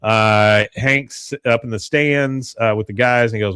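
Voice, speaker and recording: A man's voice: medium pitch, fairly even intonation, measured pace, a bit bright, clean tone, no echo. A man co-hosting a podcast, casually recapping a TV episode and briefly acting out characters' lines. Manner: retells scenes, acting out lines in brief voices. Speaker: podcast co-host.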